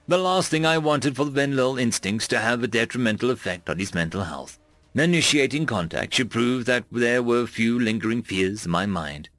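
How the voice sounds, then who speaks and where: Male narrator, fiction reading, expressive, lively pitch, dry close sound. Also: dry recording. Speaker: audiobook narrator. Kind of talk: first-person fiction narration.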